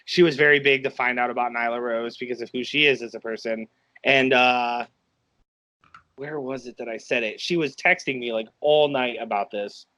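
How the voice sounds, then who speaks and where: A man co-hosting a wrestling review podcast, telling stories excitedly with lots of fillers in casual chat. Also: medium pitch. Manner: excitable, quick storytelling with many fillers. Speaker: podcast co-host.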